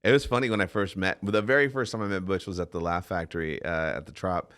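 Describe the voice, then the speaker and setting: A man hosting a podcast, chatting casually and telling an anecdote with laughter and lively quoted speech. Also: deep voice, fast talker, clear, resonant tone. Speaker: podcast host. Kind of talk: casual chat.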